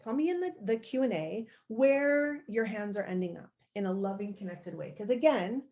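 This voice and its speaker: A woman's voice: mid-range voice, lively intonation, moderate pace, a little mellow, muffled recording. A woman life coach giving a conversational, encouraging live-streamed coaching talk, walking viewers through steps and showing gestures as she goes.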